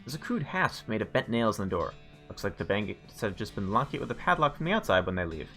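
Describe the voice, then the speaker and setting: Low-voiced man reading game text aloud. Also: big pitch swings, quick pace, sharp tone, faint music behind. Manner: muses aloud, makes wry asides. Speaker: streamer playing a game.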